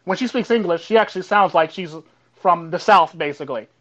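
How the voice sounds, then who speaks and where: Fast-talking Costa Rican man, lo-fi. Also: sits high, fairly bright tone. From Costa Rica. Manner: fast, repeats "actually" and "basically". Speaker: host. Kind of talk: casual panel chat.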